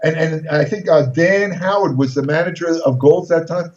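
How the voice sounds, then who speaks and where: An older man telling an animated story in an interview, often repeating words and restarting his sentences. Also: a little high, normal speed. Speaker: guest storyteller. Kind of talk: casual interview anecdote. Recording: echoey, slightly dull recording.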